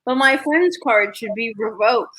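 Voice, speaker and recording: Chatty lady cohost, high voice, pokes fun at herself a lot. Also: lively intonation, a little slow, fairly bright tone, low-quality recording. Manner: self-deprecating, laughing. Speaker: co-host. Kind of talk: casual live chat.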